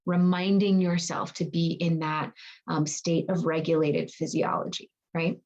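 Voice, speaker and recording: A woman's voice: fairly low pitch, little pitch movement, a little slow, a little mellow, highs cut off. A woman wellness coach talking casually to her group, reassuring and thinking aloud, often checking in with "right?". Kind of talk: casual online coaching talk.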